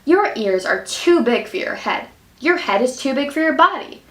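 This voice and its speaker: A woman's voice: sits high, sing-song, normal speed, fairly bright tone. Woman voicing a bouncy boastful kitten. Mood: playful. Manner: sprightly, exclaiming with mock Spanish flourishes. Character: playful young male kitten, bouncy and boastful. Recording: echoey room from a distance.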